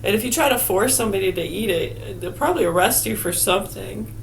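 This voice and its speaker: A woman's voice: medium pitch, animated, quick pace, vocal fry, a little hiss or hum. A middle-aged woman vlogging in a casual, sarcastic rant full of swearing. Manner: profane, sarcastic, heated. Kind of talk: casual ranting monologue.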